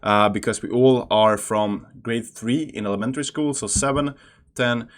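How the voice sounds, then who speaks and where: A man's voice: mid-range voice, moderate pace. A young Swedish man with a Swedish accent, giving loose, chatty reaction commentary with plenty of fillers and restarts. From Sweden. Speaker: reaction channel host.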